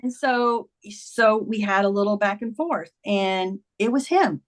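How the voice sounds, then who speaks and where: A woman's voice: medium pitch, unhurried. A middle-aged woman, a memoir author, earnestly recounting a personal story in conversation, acting out quoted dialogue.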